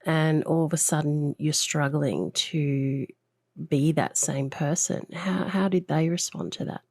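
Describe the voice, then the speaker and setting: A woman hosting a podcast with a low voice, talking earnestly and reflectively and pausing now and then. The recording is dry and close, with no room echo. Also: darkish tone. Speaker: podcast host. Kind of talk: conversational interview.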